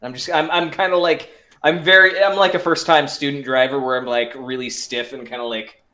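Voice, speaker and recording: A man playing a tabletop role-playing game in character, wry, halting, restarting often. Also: medium pitch, steady tone, pushed and bright. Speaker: player.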